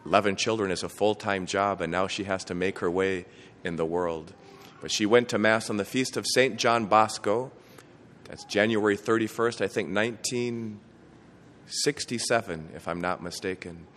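A man preaches a homily as a bishop, telling a story earnestly in a low, deep voice. His words ring with the long reverb of a church. A faint hiss sits under the recording. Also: moderate pace, fairly bright tone. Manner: storytelling, earnest, with small restarts. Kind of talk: sermon.

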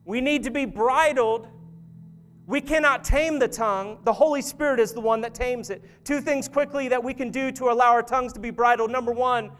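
A male pastor preaching a sermon in an earnest manner, dropping to quiet intensity and rising to urgent emphasis. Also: very high voice, moderate pace, soft background music. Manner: rises loud and urgent at climaxes.

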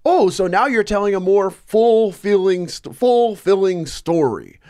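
A man's voice: high voice, animated, a little slow, a little mellow, smooth, pitched above the performer's own voice. A man putting on the voice of a cheerful male spirit guide, playful and questioning.

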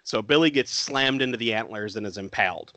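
A man's voice: fairly low pitch, brisk, bright, forceful tone. A man co-hosting a casual film chat, recapping scenes and laughing often.

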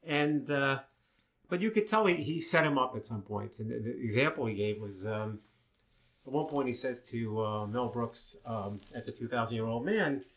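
An older man from Long Island, New York, telling stories in a casual chat, animated and full of fillers. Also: mid-range voice, moderate pace. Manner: animated storyteller with many fillers.

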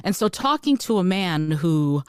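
A low-pitched woman speaking as a podcast guest, her voice earnest and fighting back tears. She restarts and repeats herself as emotion catches her. The sound is dry and close. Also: big pitch swings, unhurried, smooth, no echo. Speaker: podcast host and coach, guest. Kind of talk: casual interview talk.

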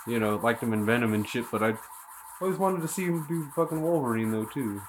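A man's voice: mid-range voice, expressive, brisk, a little hiss or hum. Laid-back man in rambling casual chat. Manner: rambling, profane, laughs often.

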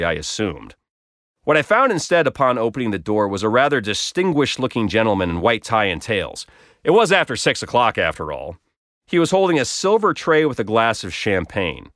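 A man tells a personal story with wry, self-deprecating humor, his pitch rising and falling freely as he goes. The recording is dry and close, with no room echo around him. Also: a bit bright. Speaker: blog storyteller.

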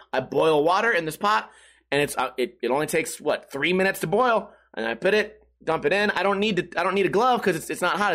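A young man casually telling a story to camera, animated and profane, with many restarts and sudden yelps. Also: high voice.

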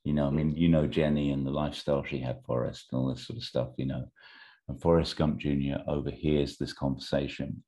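Speaking briskly and flatly in a very deep, dark voice, a man casually recounts a fictional movie plot, storyteller-style. His telling meanders, peppered with ums and amused side comments.

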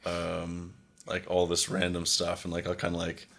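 Brief: young guy, low voice, loose rambling podcast chat, acts out little conversations. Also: completely flat delivery, moderate pace, creaky, a bit bright. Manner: rambling, heavy use of "like", acts out quoted exchanges. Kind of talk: casual chat.

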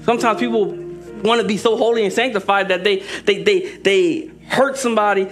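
A young male pastor preaches with a very high voice, lively and joking. He rushes through asides, then slows right down to land his points. Faint music plays beneath him. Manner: lively, joking, shifts between fast asides and slow emphatic lines. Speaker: assistant pastor. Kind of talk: sermon.

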